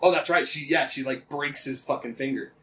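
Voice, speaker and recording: A man's voice: on the high side, brisk, sharp tone. A man co-hosting a casual podcast, animatedly retelling events with lots of swearing and "like" fillers. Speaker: podcast co-host.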